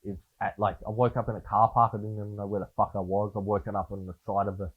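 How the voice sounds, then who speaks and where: A man's voice: lowish voice, flat delivery, fast talker, slightly rough. A man with an Australian accent, a guest telling laid-back, swear-heavy stories in a casual interview. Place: studio. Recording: phone-like lo-fi sound.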